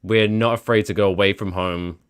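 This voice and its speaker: Casual co-host, man with a low voice, cheerful and teasing. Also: fairly even intonation, fairly quick. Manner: upbeat, teasing, encouraging. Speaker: podcast co-host. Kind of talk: casual chat.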